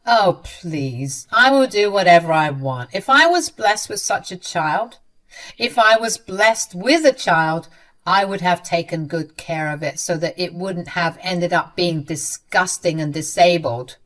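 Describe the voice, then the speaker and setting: A woman's voice: lowish voice, animated, measured pace, fairly bright tone. A woman voicing a cruel, bitter sister-in-law who talks in a sneering, cutting way. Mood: scornful.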